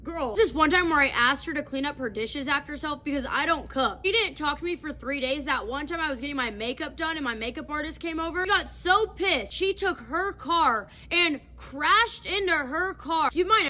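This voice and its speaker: A woman in her twenties telling a storytime vlog in an animated, emphatic way. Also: sits high.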